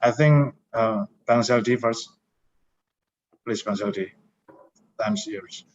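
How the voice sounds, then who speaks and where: A man's voice: mid-range voice, slow, muffled recording, slight background noise. A man moderating an online talk, polite and brief over a video call.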